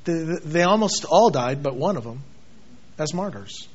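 A man preaching a sermon as a pastor, swinging from loud, emphatic outbursts to quiet, intense passages. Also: a little high, lively intonation, unhurried, husky. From United States. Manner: dramatic, shifts between shouting and quiet intensity. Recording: dull lo-fi sound.

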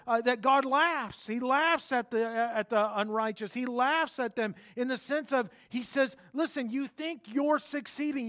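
A man preaching a sermon, earnest and conversational, with fillers and restarts, swinging between soft and emphatic. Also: extremely high pitch. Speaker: pastor.

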